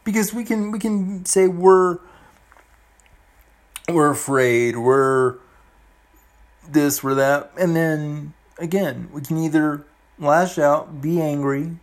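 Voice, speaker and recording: A man in his forties talking earnestly and gently to the camera, halting often and restarting his sentences, with soft emotional laughs. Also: on the high side. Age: 40s. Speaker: vlogger. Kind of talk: heartfelt personal talk to camera.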